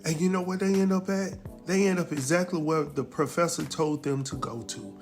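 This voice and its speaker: A man recapping a TV episode in a casual, animated way, exclaiming and chuckling as he talks straight to his viewers. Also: a little high, normal speed, soft background music.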